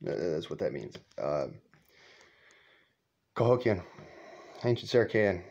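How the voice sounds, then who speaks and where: A man's voice: low-pitched, sing-song, measured pace, darkish tone, dull audio. A man telling a profane, rambling story, laughing often. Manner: rambling, cussing, laughs a lot. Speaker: vlogger storyteller.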